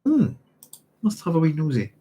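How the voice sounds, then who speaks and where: A man's voice: a little high, sing-song, moderate pace, mellow, husky. A man hosting a live chat, rambling and hesitant as he reads out viewer comments. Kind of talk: casual live-stream chat.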